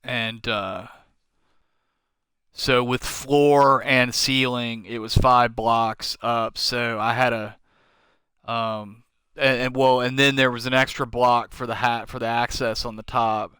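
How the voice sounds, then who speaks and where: A tired man thinking aloud as he streams a game late at night, slow and rambling with many fillers. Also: mid-range voice, fairly even intonation, bright, forceful tone, clear, resonant tone, dry recording, clean studio sound. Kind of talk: casual live-stream commentary.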